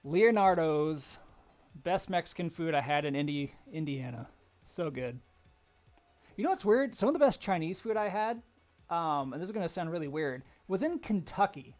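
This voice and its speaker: Chatty, animated young male streamer. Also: on the high side, moderate pace, soft background music. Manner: chatty storyteller, laughs often, sudden exclamations at the game. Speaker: live streamer. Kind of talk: casual live-stream chat while gaming.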